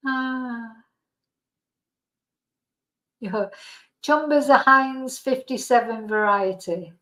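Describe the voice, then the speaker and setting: A woman's voice: a little high, extremely slow, pauses often, sharp tone, rough recording. A middle-aged woman with a Manchester accent, chatting casually with viewers on a livestream and laughing often. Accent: Mancunian. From Manchester, England. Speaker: livestream host.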